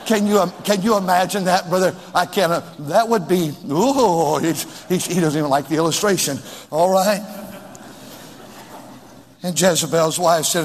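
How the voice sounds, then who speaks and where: A man's voice: high voice, expressive, moderate pace, a little hiss or hum. A pastor preaching a sermon, reading scripture and pressing his points with emphatic, repeated exhortations. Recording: long church reverb.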